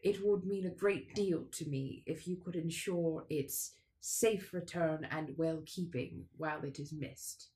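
A woman playing a tabletop role-playing game, voicing her character with animated, expressive delivery. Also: low-pitched, unhurried, few pauses. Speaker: player.

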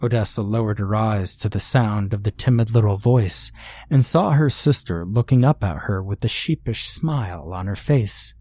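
A man reading a horror story aloud as scripted narration, measured and deliberate. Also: fairly low pitch, darkish tone.

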